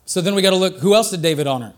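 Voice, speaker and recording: Guy preaching a sermon, high voice, chatty and jokey, gets fired up on his points. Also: racing. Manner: conversational and joking, rising excitedly for emphasis.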